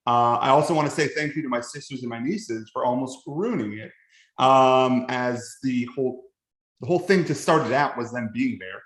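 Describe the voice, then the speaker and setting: A man's voice: medium pitch, moderate pace, a bit bright, echoey room. A man co-hosting a podcast, talking in a joking, rambling way and laughing often. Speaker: podcast co-host. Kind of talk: casual podcast chat.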